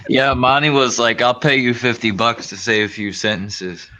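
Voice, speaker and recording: A man moderating a casual online call, relaxed as he checks in with callers. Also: medium pitch, moderate pace. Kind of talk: casual chat. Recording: dull lo-fi call audio.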